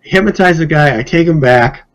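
A man appears as a guest on a podcast, a hypnotist telling stories in a casual way at a moderate pace. The recording is rough. He's animated, acting out the people he quotes with his pitch climbing.

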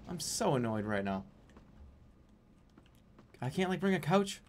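A man's voice: fairly high pitch, very animated, measured pace, long pauses, a little mellow, slight background noise. A young man giving casual, jokey commentary while playing a video game, easily exasperated. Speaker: streamer. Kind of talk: let's-play commentary.

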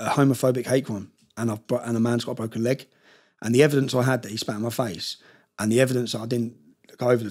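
Fast-talking man telling a story. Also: mid-range voice. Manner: emphatic, rapid storytelling with frequent "yeah?" tag questions. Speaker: podcast guest. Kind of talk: storytelling in a casual interview.

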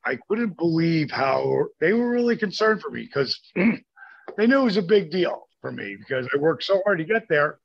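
A gravelly, husky older man spins profane, animated stories as an interview guest and acts out everyone he quotes. His voice is dry and a bit dull. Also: on the high side, moderate pace, no room sound. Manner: profane, animated storyteller acting out quoted friends. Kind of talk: casual storytelling.

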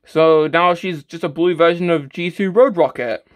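A man's voice: a little high, moderate pace. Stammering man reviewing a toy. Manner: stammering, with many fillers and restarts; self-deprecating, matter-of-fact.

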